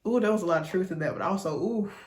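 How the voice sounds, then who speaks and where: A woman's voice: fairly low pitch, lively intonation, racing, a little mellow. A young woman hosting a reaction video, talking casually and exclaiming emotionally.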